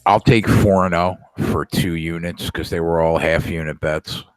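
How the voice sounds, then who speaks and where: A man with a very deep voice talks through the night's bets in a loose, rambling way, full of "like" and casual swearing. It sounds like a late-night podcast chat between friends, recorded close and dry. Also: fairly even intonation, normal speed, smooth, no room sound. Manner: laid-back, profane, lots of filler words. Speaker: podcast co-host.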